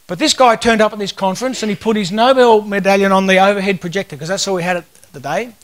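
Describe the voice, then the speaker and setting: Speaking fast in a high, fairly bright voice with a steady tone, this conference speaker is an Australian man in his fifties. His talk is casual, jokey and full of stories.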